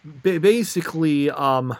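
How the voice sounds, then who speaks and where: A man's voice: fairly high pitch, unhurried. Rambling young man in casual chat. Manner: rambling, many fillers and restarts.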